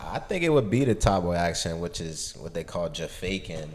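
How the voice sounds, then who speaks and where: A man talking in a slow, laid-back way on a casual podcast. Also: low voice, animated. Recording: long room reverb.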